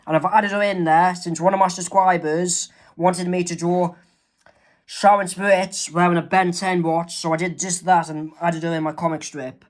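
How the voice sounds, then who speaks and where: A comic artist reads his own comic strip aloud and explains it panel by panel in a high, flat voice. His casual delivery is slow and halting, with restarts.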